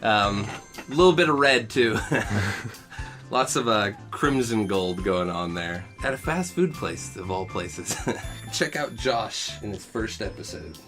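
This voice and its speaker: A man's voice: on the low side, animated, slow pace, music in the background. A man co-hosting a podcast who chats casually and teases with jokes. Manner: teasing, cracks jokes. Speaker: podcast co-host. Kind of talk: casual chat.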